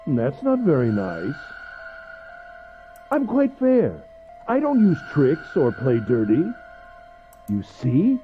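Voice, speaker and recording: A pompous, cruel gentleman villain for a game, who taunts with a lively, sing-song lilt. His voice is a little higher than most men's. The audio is slightly muffled, with game music behind. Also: slow pace, long pauses, full character voice. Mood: mocking. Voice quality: pompous, mocking. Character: smug, cruel older male captor. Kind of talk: video game voice acting.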